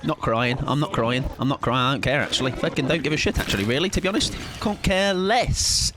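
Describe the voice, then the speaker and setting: A man streaming a game with casual, jokey commentary, often jumping into squealing high-pitched bursts. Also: animated, fast talker, background noise.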